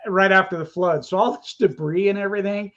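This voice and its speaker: A man's voice: high-pitched, fairly even intonation, fairly quick, a bit bright, muffled recording. A man co-hosting a casual live video chat, explaining pictures he is showing on screen. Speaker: co-host.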